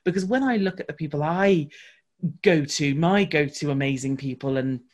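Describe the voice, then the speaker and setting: A woman, a guest on an interview podcast, telling a personal business story in a lively, fast-flowing way with frequent restarts. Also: deep voice. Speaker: podcast guest, marketing coach.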